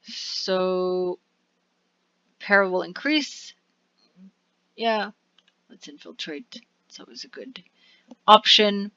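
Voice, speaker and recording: A woman hosting a let's play, reading the game's text aloud slowly and muttering asides about her choices. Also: fairly low pitch, sharp tone, dry recording, dull audio. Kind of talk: game commentary reading on-screen text aloud.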